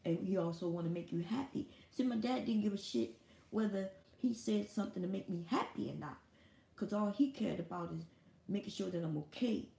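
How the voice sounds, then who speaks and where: Hosting a live stream, a woman talks in a casual, meandering way, frank and prone to cursing. Her voice is mellow and low-pitched with a gravelly fry, and a clear echo fills the room.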